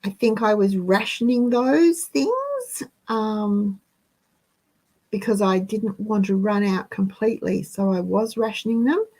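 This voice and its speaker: A woman's voice: medium pitch, animated, a little slow, dark tone, poor audio. A woman hosting a casual live chat, reading out viewer comments as she talks to her audience. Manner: chatty, reads out viewer comments. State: out of breath. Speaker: host.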